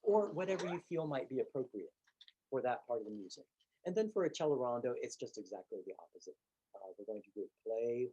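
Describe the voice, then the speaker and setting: A man teaching piano, explaining calmly and patiently, step by step. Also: mid-range voice, a little fast, highs cut off. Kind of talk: instructional demonstration.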